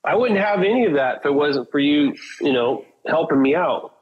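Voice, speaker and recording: Husky-voiced man telling profane stories. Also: fairly high pitch, animated, normal speed, lo-fi sound. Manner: profane, rambling anecdotes with acted-out quotes. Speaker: guest, metal band singer. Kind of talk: casual storytelling chat.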